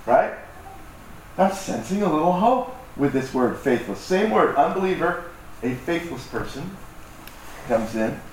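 This pastor's sermon is expressive and measured, pitched fairly high and full of frequent pauses, with plenty of self-mockery and acted-out voices in a conversational tone. The mic sits far away in a reverberant hall, picking up a little noise.

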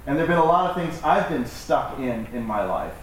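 A man preaching to his congregation in a relaxed, joking way, acting out the voices of the people in his stories. His voice sits a little high. It is picked up from far off in a very echoey hall, with faint room noise behind. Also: a little fast. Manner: conversational, joking, acts out quoted voices. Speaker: pastor. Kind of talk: sermon. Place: church hall.

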